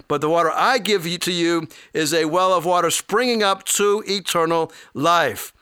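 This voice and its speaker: A man's voice: fairly high pitch, pushed and bright, clean tone, no echo, clean studio sound. A man preaching a sermon in a folksy way, with light humor and personal stories. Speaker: pastor.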